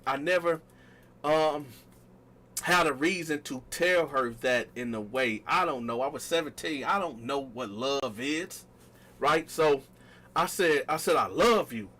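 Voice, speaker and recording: Animated high bright-voiced man telling a story. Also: unhurried. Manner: animated, talks straight to viewers, acts out quotes loudly. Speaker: storytelling vlogger. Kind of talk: casual storytime monologue.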